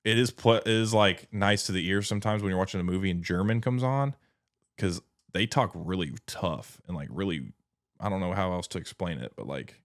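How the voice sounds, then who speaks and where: A young Texan man with a fairly low voice chats loosely, wandering through long anecdotes packed with filler words. He sounds relaxed and conversational, like a co-host settled into a podcast. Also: a little fast. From Texas. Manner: rambling storyteller, lots of filler words. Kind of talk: casual chat.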